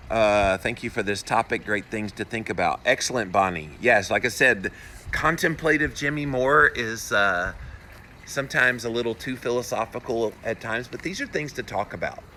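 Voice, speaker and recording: A man's voice: mid-range voice, normal speed, pushed and bright, slight background noise. A man hosting a solo live show, reading viewer comments aloud and giving earnest, encouraging pep talks. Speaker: health podcaster and host.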